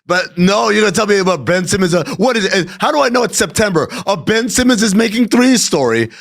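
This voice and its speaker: High, lively, gravelly male co-host. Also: quick pace, no room sound. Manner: animated, ranting, sarcastic. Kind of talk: casual sports chat.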